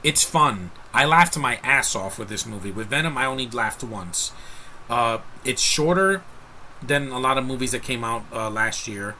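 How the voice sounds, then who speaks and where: A man's voice: mid-range voice, animated, moderate pace, pushed and bright, slight background noise. A man giving a casual, rambling film review, talking frankly to his viewers with frequent restarts. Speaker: movie reviewer.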